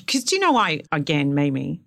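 Woman podcast co-host, effusive chat, low voice that swoops a lot. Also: a little fast, vocal fry. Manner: effusive, animated, enthusiastic.

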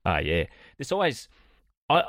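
A man's voice: mid-range voice, huge pitch swings, a little slow, fairly bright tone, no room sound. A man with an Australian accent, co-hosting a podcast and telling a story with dry, sardonic humour and casual swearing. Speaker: podcast co-host. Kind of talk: comedic storytelling chat.

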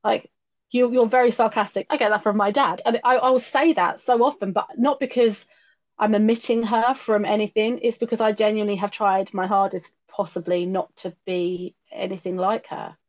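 A woman in her late thirties talks openly as a podcast guest, reflective and frank with a self-mocking streak. Her voice sits at an ordinary middle pitch. The audio is a little dull and lo-fi, as from a remote call. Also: steady tone, moderate pace. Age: late 30s. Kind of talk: candid personal conversation.

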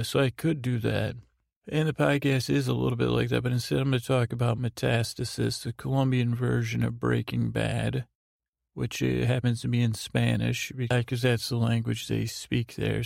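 A man's voice: medium pitch, level tone, normal speed, creaky, darkish tone, no room sound, clean studio sound. A man hosting a sleep podcast, talking in a detached, tired, meandering way with many restarts. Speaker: podcast host. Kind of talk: rambling sleep podcast monologue.

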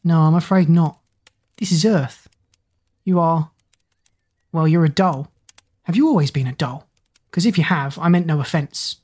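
A woman's voice: low-pitched, unhurried, pauses often, darkish tone, breathy edge. Kira, a woman doing a blunt, curious schoolgirl. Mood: startled. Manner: blunt and questioning.

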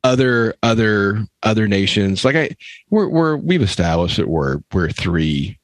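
A man's voice: on the low side, lively intonation, measured pace, dry recording. A man from the United States co-hosting a comedy news podcast, teasing and wry in how he talks. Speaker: podcast co-host. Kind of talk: comic news podcast chat.

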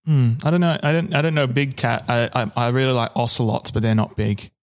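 A man's voice: medium pitch, fairly quick. A man co-hosting a podcast, telling a story in casual chat in a rambling, self-deprecating way with many restarts. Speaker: podcast co-host.

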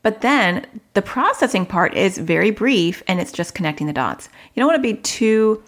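A middle-aged woman with a mid-range voice and lively intonation hosts a parenting advice podcast at a moderate pace. She's chatty and laughs at herself, sometimes acting out what a child might say.

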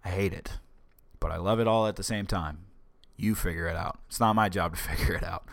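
A man hosting a casual podcast, telling a story with wry asides and acting out quoted lines with sudden jumps in pitch. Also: normal speed, dry recording, studio quality. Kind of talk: casual storytelling and political commentary.

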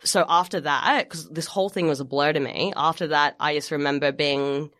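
A young woman, telling a personal story in casual chat, halting with many restarts and frequent laughs. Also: low-pitched, steady tone, a bit bright. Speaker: guest sharing her story.

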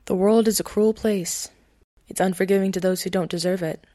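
A young woman hosting a podcast and reading her own short story aloud in a calm, even storytelling manner. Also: medium pitch, a little fast, no echo, clean studio sound. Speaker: podcast host and reader.

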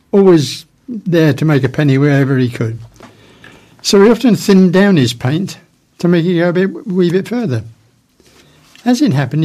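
A man telling jokes on a radio show, hesitant and restarting his words at first, then settling into steady storytelling. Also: a little high.

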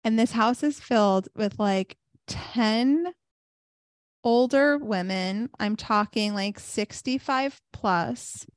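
A young woman on a yoga podcast, an animated storyteller who laughs often and fills her talk with "like". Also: fairly high pitch, slow pace, no echo, clean studio sound. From South Florida. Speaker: podcast co-host, yoga teacher. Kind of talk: casual chat, storytelling.

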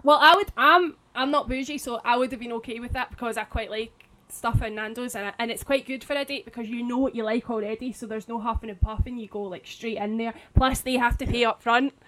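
Thirty-something woman w a slight lisp, chatty podcast storyteller, kinda high voice. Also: fairly even intonation, fairly quick, sharp tone, slight background noise, rough recording. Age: 30s. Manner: chatty storyteller, many restarts and laughs. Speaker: podcast co-host. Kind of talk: casual chat.

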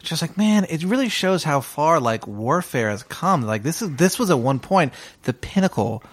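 Male co-host, slightly high voice, animated delivery, wry humor. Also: normal speed. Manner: wry, joking. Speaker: podcast co-host. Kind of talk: casual chat.

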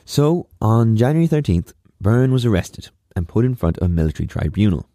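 An Irish man with a low, mellow voice hosts a history podcast, recorded close and completely dry with no echo. Though reading from a script, he's casual and wry, very animated and fairly quick, tossing in sarcastic asides.

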